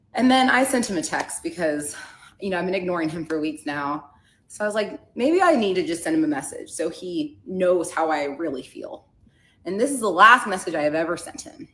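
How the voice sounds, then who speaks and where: A woman's voice: lowish voice, fairly bright tone, reverberant. A woman podcast host candidly retelling a personal story and acting out the quoted dialogue.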